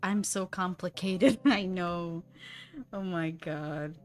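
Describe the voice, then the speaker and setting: A woman's voice: on the low side, takes it slowly, soft background music. A young woman chatting on a livestream while she draws, rambling, swearing and laughing often. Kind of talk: casual chat while drawing.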